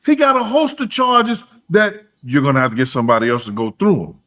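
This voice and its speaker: A man's voice: lively intonation, a little fast, a bit bright. A man co-hosting a casual reaction podcast, making his points emphatically and repeating himself. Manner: emphatic, repeats points, trails into low mumbling. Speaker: podcast co-host.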